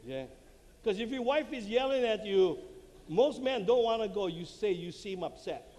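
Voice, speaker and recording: Animated man speaking in a hall. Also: high-pitched, moderate pace. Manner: animated, acts out quotes, laughs at own jokes. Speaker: marriage conference speaker. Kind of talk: lively talk to a live audience. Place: church hall before an audience. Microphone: handheld mic. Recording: long hall reverb, faint room noise.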